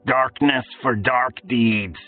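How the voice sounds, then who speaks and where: A man voicing a gruff, brutal male slave overseer who talks in a low, menacing whisper. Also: fairly even intonation, slow pace, natural voice. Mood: mocking. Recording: tinny phone-like, distant, faint music.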